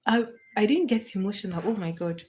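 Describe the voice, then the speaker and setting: Her mid-range voice has a darkish tone and runs a little fast. As a casual livestream host, she responds to viewer comments with plenty of laughter, often repeating phrases or starting them over.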